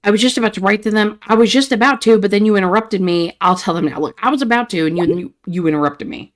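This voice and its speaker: A woman voicing a panicky, defensive young character from a chat game, flustered and quick to protest. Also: mid-range voice, lightly acted.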